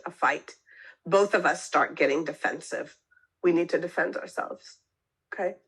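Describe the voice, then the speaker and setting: A woman's voice: mid-range voice, fairly bright tone, husky, rough recording. A woman therapist giving a talk on couples communication. She explains step by step, keeps checking in with "okay?", and acts out sample phrases. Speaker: marriage and family therapist. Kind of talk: teaching a mental health talk.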